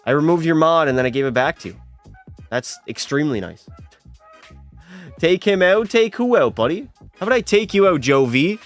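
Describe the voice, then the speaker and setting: A man's voice: a little high, animated, normal speed, pauses often, soft background music. A young man live-streaming a hockey video game, chatting and teasing his viewers as he plays. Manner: chatty, teasing, banters with chat.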